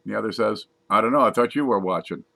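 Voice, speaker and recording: A man casually reading jokes aloud from a page, putting on higher voices for the punchlines. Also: fast, gravelly, a bit bright. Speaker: joke reader.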